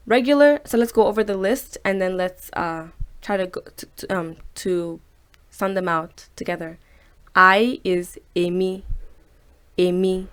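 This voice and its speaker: Lady teaching a language lesson on video, kinda low voice, says every word slow and twice, chatty with lots of ums. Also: clean tone. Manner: slows down and repeats each word to model pronunciation; chatty, with fillers.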